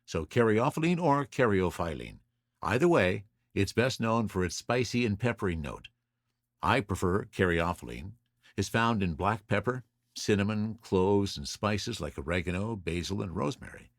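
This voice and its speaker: A man's voice: fairly low pitch, moderate pace, dry recording, clean studio sound. A man hosting a solo podcast, reading through notes in an informative, list-like way. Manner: reads from notes, lively listing. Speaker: podcast host.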